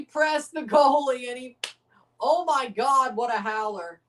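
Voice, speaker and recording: A man hosting a live watchalong of a football match, excitable and opinionated, often exclaiming and laughing at the action. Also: extremely high pitch, unhurried, distant mic. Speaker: livestream host reacting to a match.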